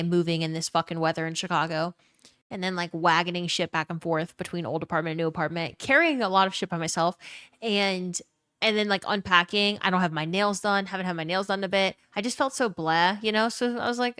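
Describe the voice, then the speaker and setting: Fast-talking woman streaming. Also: on the low side, a bit bright, clean tone, no room sound, studio quality. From Louisiana. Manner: fast-talking, swears freely, greets chatters. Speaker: livestreamer. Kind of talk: casual live-stream chat. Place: home room.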